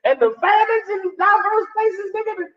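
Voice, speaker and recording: A man voicing his own frantic, scolding inner conscience in a shrill, urgent manner. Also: big pitch swings, brisk. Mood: panicked. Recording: distant, echoey, dull recording.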